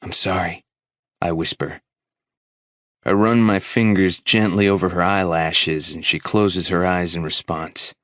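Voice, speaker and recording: A man's voice: sits low, fairly even intonation, unhurried, a bit bright, no room sound, studio quality. A man narrating an audiobook in the first person, grave and emotional.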